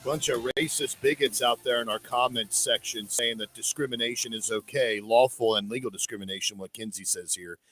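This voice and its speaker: A man co-hosting a talk radio show, reading listener comments and reacting with mock shouting. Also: mid-range voice, brisk, hardly any pauses, faint music behind. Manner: animated, reads comments aloud with mock shouting. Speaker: radio co-host.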